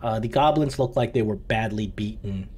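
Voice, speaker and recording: A man narrating a tabletop game as dungeon master, casual and halting. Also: fairly low pitch, a little mellow.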